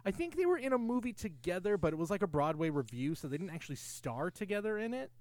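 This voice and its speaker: A man's voice: high-pitched, very animated, fast talker, a little mellow, no room sound. A man co-hosting a podcast, enthusiastically recapping a film's plot and trivia in casual chat. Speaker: podcast co-host. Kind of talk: casual film discussion.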